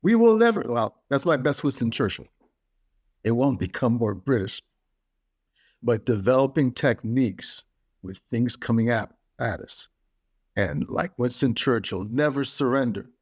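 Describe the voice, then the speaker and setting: A man's voice: mid-range voice, measured pace, pauses often, husky. A man giving a motivational podcast talk, speaking emphatically and driving his points home through repetition.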